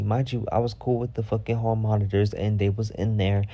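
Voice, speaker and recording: A young man telling a casual storytime about school, chatty with lots of fillers and asides, animated and profane, getting loud when riled up. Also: fairly low pitch, brisk, few pauses, lo-fi sound. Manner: chatty with filler words and frequent "okay?" asides.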